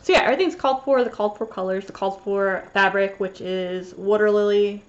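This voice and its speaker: A woman talks through her stitching finishes in a loose, rambling chat, circling back with fillers and restarts. A slight lisp softens her S sounds, and her voice sits at an ordinary middle pitch. The home recording is dull and lo-fi. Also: brisk. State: sniffly after sneezing. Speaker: cross-stitch vlogger. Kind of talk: casual show-and-tell chat.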